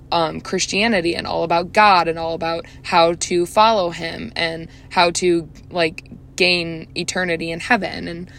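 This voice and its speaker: A woman's voice: lowish voice, a bit bright. A young woman hosting a solo faith podcast, talking in a chatty, earnest way with many fillers. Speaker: podcast host.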